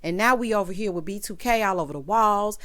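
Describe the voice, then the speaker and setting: A woman talks through a TV episode in a relaxed recap, animated and sassy. She keeps turning to her viewers with chatty asides. Her voice sits in an ordinary middle pitch for a woman. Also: fast. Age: adult with a child. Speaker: TV recap reviewer.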